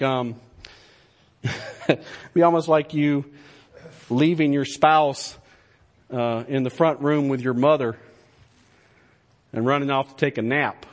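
A man preaching a sermon in an earnest, emphatic manner. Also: mid-range voice. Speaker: pastor.

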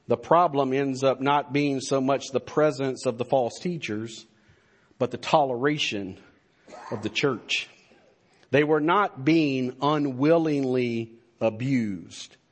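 Male pastor, mid-range voice, earnest emphatic sermon delivery. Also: mid-range voice. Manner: earnest, emphatic preaching with repetitions.

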